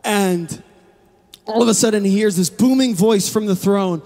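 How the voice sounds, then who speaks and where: A man preaching a sermon as pastor, building from quiet, low passages to passionate, shouted climaxes. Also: normal speed. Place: large church hall. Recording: long hall reverb.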